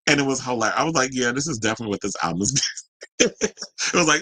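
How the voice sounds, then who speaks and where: A man's voice: medium pitch, lively intonation, fast, pushed and bright, poor audio. A man hosting a casual solo pop culture commentary show, chatty and sassy with rambling asides.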